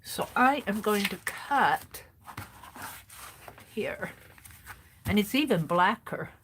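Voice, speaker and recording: Female craft streamer, unhurried, half-talking to herself, noisy desk recording. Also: medium pitch, lively intonation. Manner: chatty, talking to herself while tidying and sewing. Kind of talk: casual craft livestream chat.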